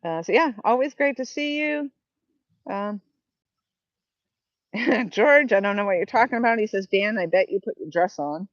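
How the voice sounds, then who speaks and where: A woman's voice: medium pitch, moderate pace, pauses often, dry recording. Woman host, casual rambling live-stream chat, dry muffled headset sound. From New Hampshire, New England. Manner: rambling, chatty, reads viewer comments aloud. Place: outdoors by the water. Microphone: Bluetooth headset.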